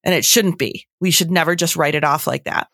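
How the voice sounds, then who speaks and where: A young adult woman talks through infant feeding in an earnest, chatty way, breaking into little quoted asides. Her voice sits a touch low and the sound is close and dry, with no room around it. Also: brisk, fairly bright tone, no room sound. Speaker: breastfeeding expert guest. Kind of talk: casual advice chat.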